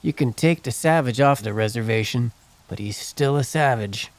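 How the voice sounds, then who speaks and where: A man's voice: medium pitch, moderate pace, no room sound, lightly acted. A man voicing Donnie, a sneering, contemptuous outlaw with an in an audiobook. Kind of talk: audiobook character voice.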